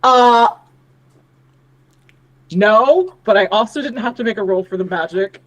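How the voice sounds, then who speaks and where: A player calmly stating a spell in a tabletop game. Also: medium pitch, unhurried, poor audio. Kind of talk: casual tabletop play.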